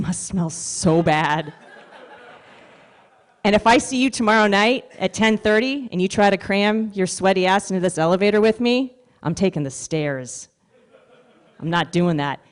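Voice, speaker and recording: A woman stand-up comedian telling stories on stage in a chatty, animated way. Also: fairly low pitch. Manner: conversational, animated storytelling. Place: stage at a live comedy showcase.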